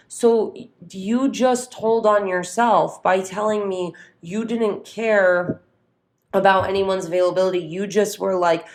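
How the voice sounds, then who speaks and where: A woman's voice: mid-range voice, unhurried. A woman co-hosting a podcast in casual chat, retelling stories and acting out what others said. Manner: storytelling, animated retelling with quoted voices. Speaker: podcast co-host.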